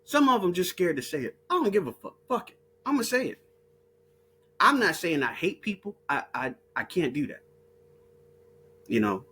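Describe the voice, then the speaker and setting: Blunt, heated male commentator with a high, lively, husky voice, riffing off the cuff. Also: moderate pace, long pauses. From United States. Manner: heated and blunt, laughs between points, mocks others in put-on voices. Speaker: online commentator. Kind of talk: unscripted profane rant.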